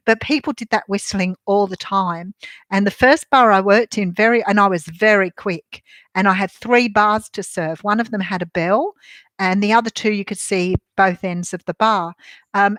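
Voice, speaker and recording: A woman's voice: medium pitch, fairly bright tone, no room sound. A middle-aged Australian woman, chatting candidly with viewers on a livestream, laughing easily with many ums. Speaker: tarot channel host. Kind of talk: casual livestream chat answering viewers.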